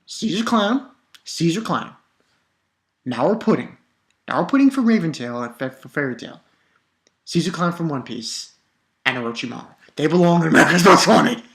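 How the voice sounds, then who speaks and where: A woman with a notably low voice reviews a manga chapter for her channel. She talks in a loose, excitable ramble, swears freely and restarts her sentences often. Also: moderate pace, pauses often. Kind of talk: casual video review.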